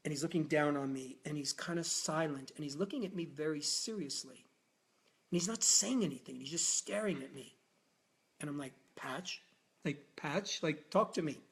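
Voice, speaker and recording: Man, host, live talk, storytelling, animated delivery, acts out the other voices. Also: fairly high pitch, moderate pace. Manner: animated, acts out quoted dialogue.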